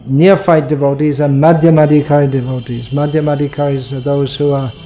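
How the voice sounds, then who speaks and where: A man teaching in a question and answer talk, his voice mellow and a touch higher than most. He explains in a measured way and often restarts his sentences as he works a point through. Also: level tone, dull audio.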